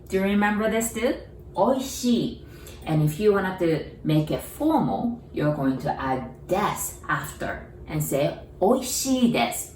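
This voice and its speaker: A woman teaching in an unhurried, patient way and checking in with her learner through questions. She sounds set back from the mic in a roomy space, with a faint hiss underneath. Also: on the low side, recorded from a distance. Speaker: Japanese language teacher. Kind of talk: friendly lesson.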